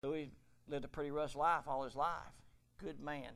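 A middle-aged man preaching a fervent sermon in a church, swinging from quiet storytelling to loud shouting. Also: on the high side, steady tone, normal speed. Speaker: pastor. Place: church sanctuary.

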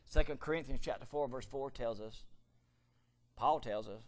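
A middle-aged man preaching a fervent sermon in a church, swinging from quiet storytelling to loud shouting. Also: mid-range voice, normal speed, long pauses. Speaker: pastor. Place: church sanctuary.

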